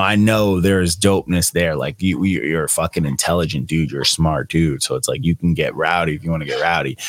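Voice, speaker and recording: A man's voice: sits low, no room sound. A young man co-hosting a podcast, chatting casually about albums in a rambling, slangy, profane way. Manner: laid-back, slangy, profane, rambling with fillers. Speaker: podcast co-host reviewing albums. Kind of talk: casual chat.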